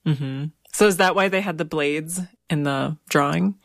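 A woman's voice: deep voice, measured pace, vocal fry, dry recording, clean studio sound. A woman hosting an interview, asking curious, encouraging questions. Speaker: interviewer, host.

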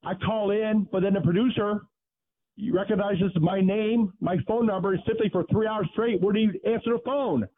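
A man's voice: high voice, fairly even intonation, moderate pace. A man calling in to a sports radio show, chatty and a bit complaining. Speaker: caller. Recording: tinny phone line.

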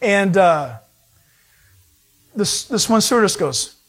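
A man preaching a sermon, telling stories with animated delivery and acting out the voices of people he met. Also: high-pitched, slow pace. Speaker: pastor.

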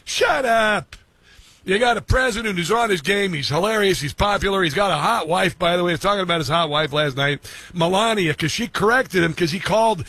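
A man's voice: sits high, pushed and bright, slightly rough, no room sound. A middle-aged man hosting a talk radio show, rambling with many fillers and mocking asides. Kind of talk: casual opinionated talk radio.

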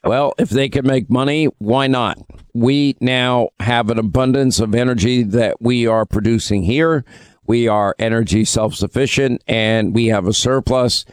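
A male talk radio host with a smooth, resonant voice, recorded close and dry in a studio. He talks emphatically and with strong opinions, with frequent fillers. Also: medium pitch, fairly even intonation, unhurried, dry recording.

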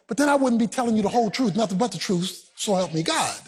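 A male pastor delivering a fervent sermon, shouting and half-singing his lines in a husky voice. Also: sits high, expressive, fairly quick, few pauses. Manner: shouting, preaching with sung cadence.

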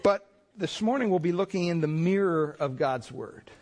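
A man's voice: on the high side, expressive, moderate pace, a little mellow. A male pastor preaching a sermon, telling stories in a folksy, rambling way. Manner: folksy storytelling with fillers.

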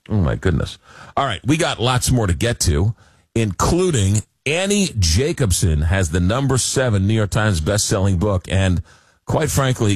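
A man's voice: on the low side, no room sound, clean studio sound. A man hosting a talk radio show, chatty and jokey, often repeating words as he goes.

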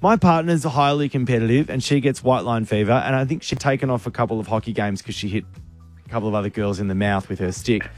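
A man's voice: medium pitch, fast talker, no room sound, soft background music. A young adult man with an Australian accent co-hosting a radio show, chatting in a laid-back, teasing way. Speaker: radio co-host. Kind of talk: casual radio banter.

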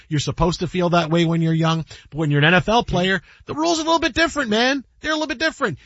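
A man with a high, husky voice delivers opinionated sports commentary, stammering on repeated words and pressing rhetorical questions. The sound is dry and dull, like a lo-fi recording. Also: fairly bright tone, no room sound. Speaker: sports talk show host.

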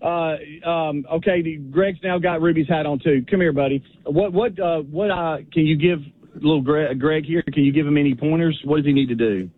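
A man's voice: a little high, normal speed. A man hosting a casual on-location radio chat, teasing and interviewing people. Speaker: radio show host. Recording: tinny phone-like radio broadcast.

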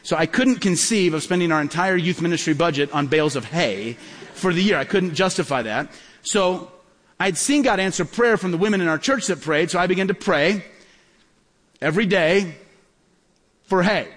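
A man preaching a sermon as pastor, telling stories quickly and acting out the dialogue. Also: high-pitched, expressive, a bit bright. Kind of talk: sermon storytelling. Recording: long hall reverb.

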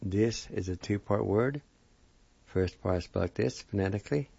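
Low-voiced guy slowly sounding out words syllable by syllable, dull lo-fi sound. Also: gravelly, mellow, slightly rough, no echo. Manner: slow, deliberate, repeats syllables carefully. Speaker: language teacher. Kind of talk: slow spelling and pronunciation lesson.

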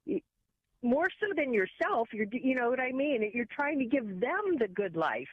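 A woman calling in to a radio talk show, speaking haltingly with many restarts. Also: a little high, sing-song, slight background noise. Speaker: caller. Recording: phone line.

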